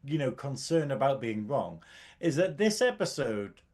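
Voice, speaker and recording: A man's voice: medium pitch, big pitch swings, normal speed, a little mellow. A man with a Geordie accent, co-hosting a podcast and ranting with lots of swearing and laughter. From Newcastle, England. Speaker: podcast co-host. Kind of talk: casual chat.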